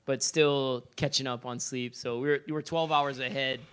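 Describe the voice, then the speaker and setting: A man's voice: mid-range voice, fairly even intonation, moderate pace, a bit bright, smooth. A man co-hosting a casual podcast, easygoing and laughing a lot. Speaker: podcast co-host. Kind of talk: casual banter.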